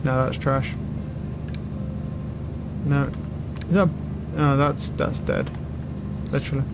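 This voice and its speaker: A young man streaming a game, talking loudly and excitably with lots of swearing to his chat and a friend. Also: mid-range voice, slow pace, noisy background. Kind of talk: casual live-stream commentary. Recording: game music loud behind voice. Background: game music.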